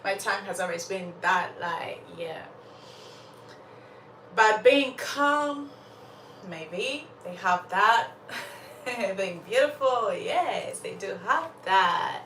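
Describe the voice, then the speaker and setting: A young Ugandan woman hosts a livestream, chatting casually with her viewers, laughing often and coughing slightly because she's a bit under the weather. Her mid-range voice is slow and a little bright. She sits off the mic, so the sound is roomy with faint background noise.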